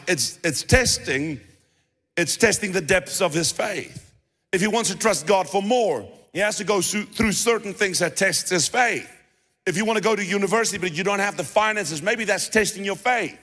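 A pastor with a high-pitched, pushed and bright voice preaches at a normal pace in a South African accent. His sermon is casual and repetitive, full of restarts, and it echoes with the long reverb of the church hall he's in.

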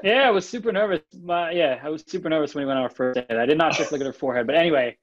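Animated man co-hosting a podcast. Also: fairly high pitch, rapid-fire, dull audio. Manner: animated, restarts phrases, reads listener comments. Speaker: podcast co-host. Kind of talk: casual podcast chat.

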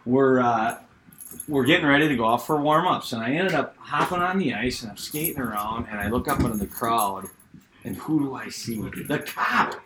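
A man's voice: medium pitch, moderate pace. Man, middle-aged, casual storyteller, laughs often, faint hiss behind. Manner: animated, laughs through his story. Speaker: guest, former hockey player.

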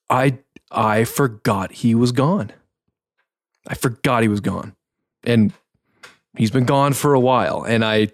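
A man playing a tabletop game, speaking in character in a halting, hesitant way with many restarts. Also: mid-range voice, no echo, studio quality. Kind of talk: in-character role-play.

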